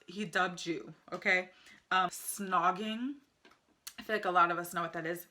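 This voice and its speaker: A woman's voice: lowish voice, normal speed, bright, forceful tone. A young American woman vlogging casually at home, chatty and enthusiastic, often laughing as she talks to the camera. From United States. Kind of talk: casual vlog review.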